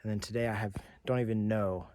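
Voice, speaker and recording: A man's voice: lowish voice, steady tone, quick pace, darkish tone, no room sound. A man vlogging outdoors on a mountain hike, earnest and plain-spoken, tired and out of breath from the climb. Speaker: travel vlogger. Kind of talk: casual hiking vlog.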